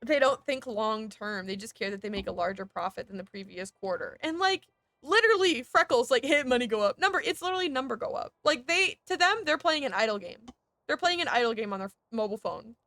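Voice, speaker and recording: Woman streamer: high, sharp voice, animated and sweary rants, dry close sound. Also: fairly quick, dry recording. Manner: animated, heated and sweary, with laughing asides. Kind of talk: casual ranting chat while gaming.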